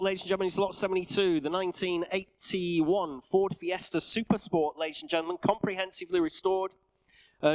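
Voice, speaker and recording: A man working as an auctioneer at a live auction, calling bids briskly and adding joking asides to the room. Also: sits high, low-quality recording. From England.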